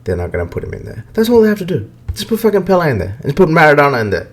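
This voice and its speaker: A man's voice: fairly high pitch, huge pitch swings, rapid-fire. A man hosting a podcast, ranting bluntly and profanely about video games in casual talk. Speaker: podcast host. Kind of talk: casual gaming rant.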